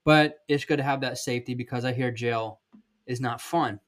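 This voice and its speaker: A man's voice: mid-range voice, fairly even intonation, normal speed. Blunt Southern man in his thirties. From South Georgia, USA. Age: 30s. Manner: blunt, folksy, emphatic, with many ums and restarts. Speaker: podcast host and sales trainer. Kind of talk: casual podcast monologue.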